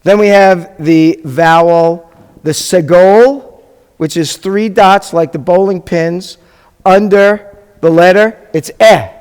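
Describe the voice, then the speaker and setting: A man with a high voice teaches a live class, speaking slowly as he drills sounds with his students. He throws in joking asides as he goes. His voice rings with the long reverb of a hall. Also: a little mellow, smooth. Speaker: rabbi teaching a Hebrew class. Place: congregation classroom.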